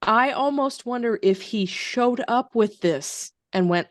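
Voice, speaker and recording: A woman's voice: fairly high pitch, a little slow, no room sound, studio quality. A woman guest on a podcast, talking about a movie in blunt, exasperated casual chat that has some swearing.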